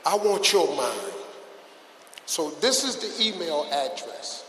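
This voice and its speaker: An older man delivers a comedic motivational speech to a crowd, his voice high and bright. He acts out quotes and swings between shouts and hushed asides. The sound is roomy, with a long hall reverb. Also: very animated, slow pace, a little hiss or hum. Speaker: guest speaker at a youth event. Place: large hall with a live audience.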